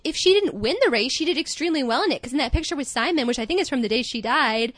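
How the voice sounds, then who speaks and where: High-voiced animated woman co-host. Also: fast talker. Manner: animated and expressive, laughs often. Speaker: podcast co-host. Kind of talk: casual chat recapping a TV show.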